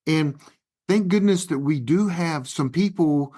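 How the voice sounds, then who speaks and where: A man's voice: fairly high pitch, a little slow, warm tone, husky. A man hosting an interview, talking in a conversational way with hesitant fillers. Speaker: podcast host. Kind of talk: casual interview talk.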